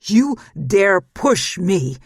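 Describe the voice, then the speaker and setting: A woman's voice: a bass voice, expressive, normal speed, vocal fry, darkish tone, slightly rough, no echo, clean studio sound, full character voice. A woman voicing a brutish, vengeful young male wolf shifter in an audiobook. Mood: furious.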